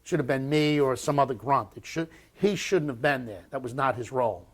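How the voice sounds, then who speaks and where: A man's voice: mid-range voice, breathy edge. An American man in his sixties, a war veteran recounting memories in an oral history interview. He talks bluntly, swears often, and stops and restarts his sentences. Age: 60s. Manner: halting and blunt, with frequent restarts and profanity.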